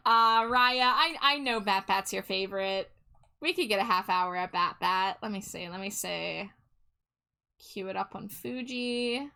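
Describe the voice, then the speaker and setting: A woman's voice: medium pitch, a little slow, creaky, bright, forceful tone. A woman streamer chatting casually with her viewers while she draws, reading their messages aloud and laughing often.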